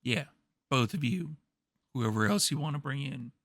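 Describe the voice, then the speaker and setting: A man voicing a calm official who speaks matter-of-factly. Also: mid-range voice, normal speed, no room sound, clean studio sound.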